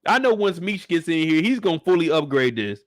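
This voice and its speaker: Animated man recapping a show. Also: fairly high pitch, brisk, no echo. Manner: animated, acts out characters, profane. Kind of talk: comedic episode breakdown.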